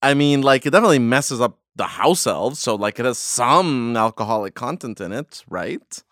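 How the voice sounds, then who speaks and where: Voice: medium pitch, lively intonation, normal speed, fairly bright tone, no echo, clean studio sound. A podcast co-host chatting casually and making wry remarks. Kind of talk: casual chat.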